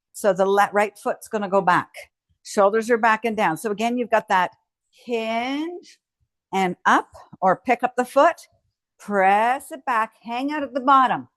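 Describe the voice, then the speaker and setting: In a fairly high voice with no echo, a woman instructor leads a home strength workout. She calls out each move and keeps encouraging the viewer with frequent cheers.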